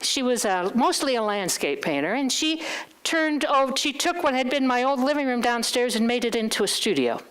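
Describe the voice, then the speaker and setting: A woman's voice: a little high, normal speed, smooth. A middle-aged woman speaking at a church, telling a candid personal story and acting out the dialogue. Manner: candid, animated, acts out dialogue.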